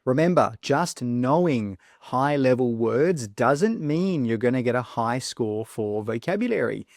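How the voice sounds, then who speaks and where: Male teacher, slow careful delivery, dry close recording, instructive tone, models pronunciation. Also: mid-range voice, animated, darkish tone, dry recording. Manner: clear, instructive, stresses words slowly when modelling pronunciation. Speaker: English exam teacher. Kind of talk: video lesson.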